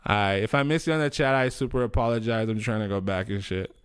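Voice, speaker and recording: A man's voice: fairly low pitch, fast talker, clear, resonant tone. Slangy man hosting a livestream. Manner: slangy, rambling, swears a lot. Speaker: livestream host. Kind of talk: casual livestream chat.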